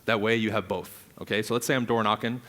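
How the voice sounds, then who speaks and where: Lowish voiced guy teaching a seminar crowd, lively, acting out calls. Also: fast. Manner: energetic, acts out client dialogue, laughs often. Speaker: real estate coach on a panel.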